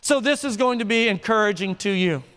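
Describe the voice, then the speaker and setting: A man's voice: high voice, animated, a little fast, fairly bright tone, clean tone. A man preaching a sermon in a large church hall, conversational and playful, asking the congregation questions. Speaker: pastor. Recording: reverberant hall.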